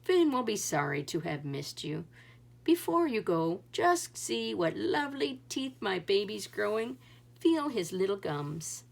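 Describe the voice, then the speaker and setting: A woman voicing a calm, clever wife in a storybook reading, speaking in a bright, coaxing way. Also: mid-range voice, a little slow, vocal fry, full character voice.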